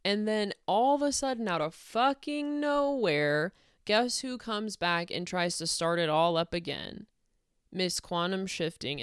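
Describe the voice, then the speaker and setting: A woman's voice: lowish voice, smooth, no room sound, studio quality. A woman delivering a heated, sarcastic rant to camera, blunt and swearing often. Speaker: YouTube commentator.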